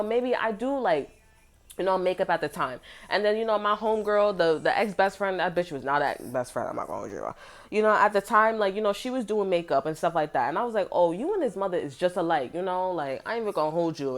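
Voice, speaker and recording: A young adult woman giving a casual tarot reading to camera that turns into a rambling rant. She is profane and emphatic and laughs often. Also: medium pitch. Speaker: tarot reader.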